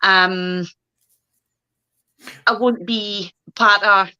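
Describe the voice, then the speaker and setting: A woman's voice: mid-range voice, fairly even intonation, bright, forceful tone, clear, resonant tone, muffled recording. A woman guest in a casual chat, agreeable and reflective about what she has learned. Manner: agreeable, quick to laugh, reflective.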